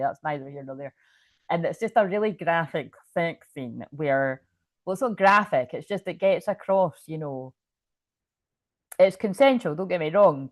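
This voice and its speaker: Woman tarot reader, rambling and swearing, lower voice, close dry sound. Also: no echo. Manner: rambling, swears freely, many fillers. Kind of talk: casual channeled reading.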